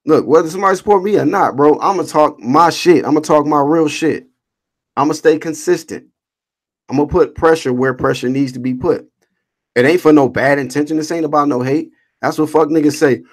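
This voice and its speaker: On a casual boxing livestream, a man with a slightly high, brisk voice reads chat comments out loud. He fires back at them in a blunt, animated rant full of slang and swearing.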